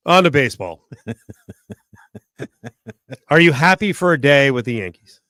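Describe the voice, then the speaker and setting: Lively teasing sports radio man. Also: mid-range voice, no echo. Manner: teasing, quick banter. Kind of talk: casual sports talk.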